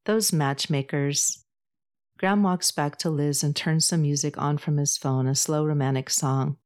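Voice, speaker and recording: Low-voiced woman reading a story. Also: steady tone, normal speed, a little mellow. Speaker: author and podcast host. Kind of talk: storybook narration.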